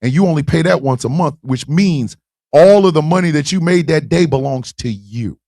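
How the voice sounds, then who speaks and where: A man hosting a podcast, telling a comic story in a lively, profane way and acting out the voices of the people in it. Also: fairly high pitch, moderate pace, dry recording, studio quality. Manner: animated, profane, acts out voices in his stories. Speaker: podcast host. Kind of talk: comedic storytelling.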